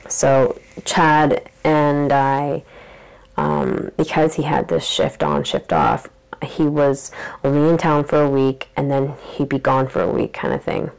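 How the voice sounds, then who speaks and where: Young woman vlogger, low voice with vocal fry, chatty storyteller. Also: darkish tone, rough recording. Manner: chatty, peppered with "like", acts out quotes. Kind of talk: casual storytelling monologue.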